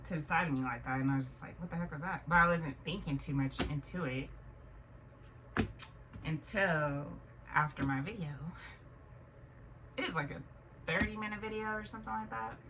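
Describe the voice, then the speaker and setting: A woman in her thirties tells a strange story in a low voice, rambling and restarting her sentences with plenty of fillers. She sits a little back from the mic, and faint noise runs under her voice. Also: sharp tone, recorded from a distance, low-quality recording. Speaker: vlogger. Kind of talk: casual storytelling monologue.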